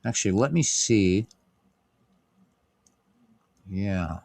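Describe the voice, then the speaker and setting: His voice is deep, gravelly and darkish, expressive, with drawn-out words, captured cleanly in a studio with no echo. The speaker is a middle-aged stream host giving casual play-by-play of a tabletop baseball game. He rambles with plenty of fillers while reading and answering what viewers write.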